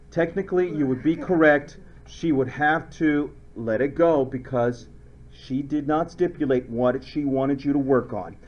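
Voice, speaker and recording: Lively, playful male chemistry teacher. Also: on the high side, muffled recording. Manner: playful, joking, acts out little skits. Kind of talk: recorded classroom lecture.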